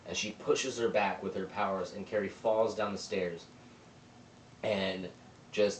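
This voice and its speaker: A man's voice: fairly low pitch, a little hiss or hum. Young man recapping a movie plot. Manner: rambling, retells scenes with quoted lines. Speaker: movie reviewer. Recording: roomy, distant mic with faint ambience.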